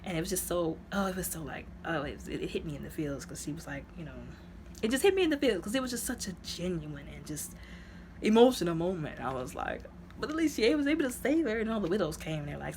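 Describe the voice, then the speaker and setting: A woman's voice: lowish voice, very animated, fast, a little hiss or hum. A woman casually recapping a movie in a chatty, rambling way, dropping to dramatic whispers when she acts out lines. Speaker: movie reviewer.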